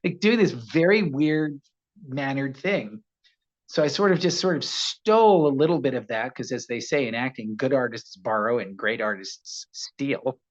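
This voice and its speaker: American actor telling animated stories. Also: male voice, mid-range voice, moderate pace, muffled recording. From United States. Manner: animated storyteller, slips into voices. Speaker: actor, guest. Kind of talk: casual interview anecdote.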